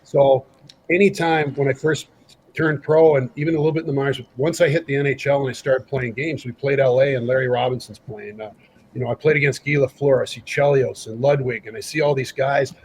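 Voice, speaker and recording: A man's voice: medium pitch, brisk, a little hiss or hum, low-quality recording. A middle-aged man from Canada, a guest telling stories in a casual interview and acting out the lines he quotes. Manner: animated storyteller who acts out quoted lines. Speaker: guest, former hockey player.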